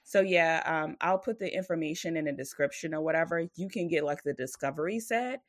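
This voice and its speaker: Low-voiced rambling woman co-host. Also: brisk, dry recording, clean studio sound. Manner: rambling, filler-heavy, with frequent "like" and "or whatever"; blunt and profane when ranting. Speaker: podcast co-host. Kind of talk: casual chat.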